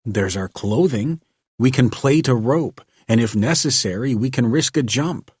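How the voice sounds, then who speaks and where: A man voicing a hot-tempered but practical jailed man in a storybook reading, talking in a steady, reassuring way. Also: mid-range voice, measured pace, breathy edge, no room sound, studio quality, voice pushed up.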